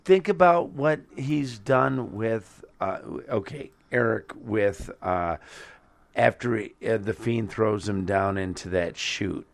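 Slow, halting man talking comics. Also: lowish voice, creaky. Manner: halting, many fillers and restarts, blunt jokes. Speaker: podcast co-host. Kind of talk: casual chat about comics.

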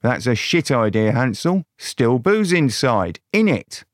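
A man's voice: mid-range voice, sing-song, measured pace, no room sound, clean studio sound. A man voicing Gretel, a drunk adult woman, in a screeching, slurred and crude way.

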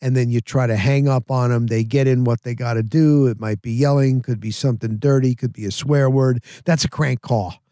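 A man hosting a podcast, telling a rambling, animated story in a casual way. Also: mid-range voice, moderate pace, hardly any pauses, no echo, clean studio sound. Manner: rambling, animated, repeats himself. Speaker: podcast host.

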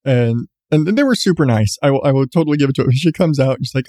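A man's voice: medium pitch, expressive, quick pace, hardly any pauses, warm tone, dry recording, studio quality. A man, host of a podcast, telling a story in a rambling, self-mocking way with frequent restarts. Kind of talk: casual storytelling.

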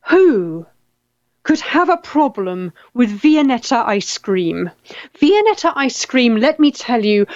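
Middle-aged english woman chatting w/ viewers, bit high pitched, dry dull mic. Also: no echo. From England. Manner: chatty, repeats words, reads out comments. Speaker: livestream host reading viewer comments. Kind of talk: casual chat.

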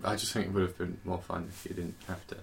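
A man's voice: low voice, flat delivery, fast talker, creaky. A man chatting casually as a podcast co-host, dry and sardonic. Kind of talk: casual chat.

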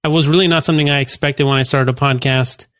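A man's voice: medium pitch, steady tone, fast, fairly bright tone, dry recording. A man co-hosting a podcast, chatting casually with a teasing, sarcastic edge. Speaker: co-host.

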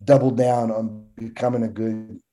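A man's voice: fairly low pitch, little pitch movement, normal speed. A man, a coach and guest on a podcast, talking candidly and self-deprecatingly in casual chat.

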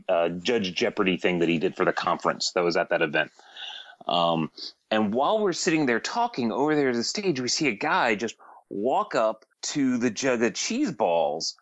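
A man telling a funny anecdote in casual conversation, animated and laughing as he goes, acting out the people in it. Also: lowish voice, no echo, highs cut off. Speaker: guest telling a story. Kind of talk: casual storytelling on a podcast.

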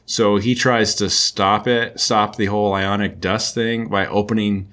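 A man's voice: on the low side, little pitch movement, measured pace, fairly bright tone. A man casually recapping a story in a loose, chatty way, full of filler words. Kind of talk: casual comic book recap.

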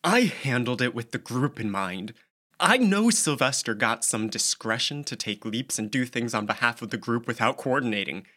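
A man's voice: mid-range voice, expressive, normal speed, pushed and bright. A man reading an audiobook, voicing a defensive young newcomer who feels out of his depth.

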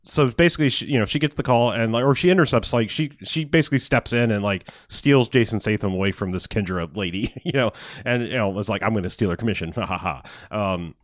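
Man, casual chat, rambling, swears, laughs, medium pitch, dry sound. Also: fairly quick, hardly any pauses, no room sound. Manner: rambling, profane, laughs often. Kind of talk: casual movie recap chat.

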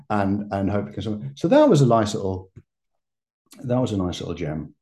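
A man's voice: on the low side, wildly swooping pitch, measured pace, pauses often, mellow. A man, a massage therapist and educator, talking as a podcast guest in a reflective way, often restarting his phrases and laughing lightly. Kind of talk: conversational podcast interview.

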